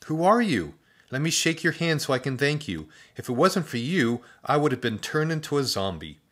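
A man voicing an excitable, chatty young boy who talks in high, eager bursts. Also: moderate pace. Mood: excited. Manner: high, eager, breathless outbursts.

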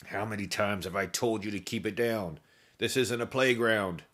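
A man voicing a gruff, menacing male jail guard in a storybook tale, growling his threats. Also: low-pitched, moderate pace, a bit bright.

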